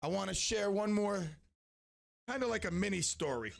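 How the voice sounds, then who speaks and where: A male radio host chats with callers and spins a jokey story about a customer. His voice sits high and carries a heavy, crackly fry. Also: animated, moderate pace. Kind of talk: casual radio show chat.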